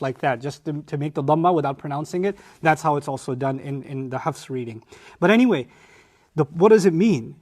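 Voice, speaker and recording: A man teaching a Quran study lecture, animated and often acting out quoted lines. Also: a little high, fairly quick.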